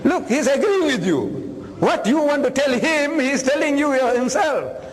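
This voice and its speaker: Older male religious lecturer, high voice, animated and joking storyteller, long hall reverb. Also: measured pace. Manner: animated, humorous, acts out dialogue and sound effects. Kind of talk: storytelling sermon to an audience.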